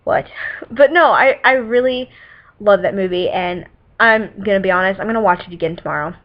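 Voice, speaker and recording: A teenage girl rambling about films she loves, in a casual vlog. She is loose and chatty, full of "like" and "um," and breaks off with little giggles. Her webcam audio sounds dull and lo-fi, at a middle pitch for a young woman. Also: brisk. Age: teens. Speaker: vlogger reviewing movies. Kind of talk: casual rambling movie talk.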